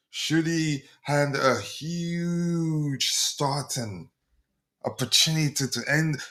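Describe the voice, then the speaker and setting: A man hosting a football fan live stream in casual, loud, upbeat chat, slightly hoarse from a cold and full of fillers. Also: mid-range voice.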